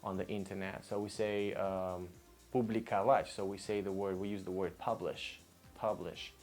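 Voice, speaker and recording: Low-voiced Russian man teaching vocabulary. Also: moderate pace, faint music behind. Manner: patient, repeats each word several times, relaxed. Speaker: language teacher. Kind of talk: casual vocabulary lesson.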